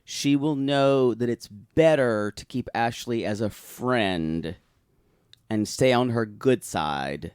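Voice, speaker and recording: A podcast co-host with a medium-pitched, slightly mellow, smooth voice rambles through a casual recap chat. He restarts often and slips in quick impressions, and the sound is dry and studio-clean.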